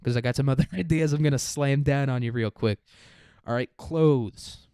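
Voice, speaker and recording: A man doing a sloppy, cursing God who invents commandments as he goes, in a smooth, clear voice. It sounds dry and close, with no room around it. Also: medium pitch, normal speed, mellow, no echo, lightly acted. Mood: offhand. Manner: casual, profane, making it up as he goes. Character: flustered, improvising male God handing down rules.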